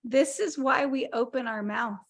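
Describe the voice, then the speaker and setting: A woman's voice: high-pitched, normal speed, creaky. A woman hosting a video call, affirming the speakers in an emphatic, moved way. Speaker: host moderating. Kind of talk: encouraging wrap-up on a video call.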